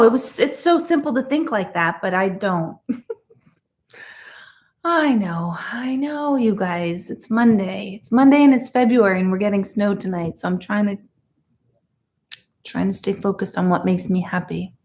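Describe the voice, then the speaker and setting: Middle-aged woman chatting on a live stream, animated, jumps into silly little voices. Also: mid-range voice. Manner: chatty and animated, does quick mock voices. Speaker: host of a live chat show. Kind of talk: casual live-stream chat.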